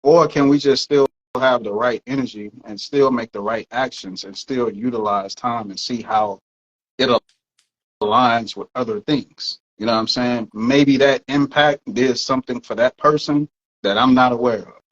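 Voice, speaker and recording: A man muses out loud to his co-host. His voice sits in an ordinary middle range, and he keeps checking that his listener is following along. The recording sounds dull and lo-fi, like a cheap mic. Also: mid-range voice, fairly even intonation, normal speed. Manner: thoughtful, checks in with "you know what I'm saying". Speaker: podcast co-host. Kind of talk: casual reflective talk.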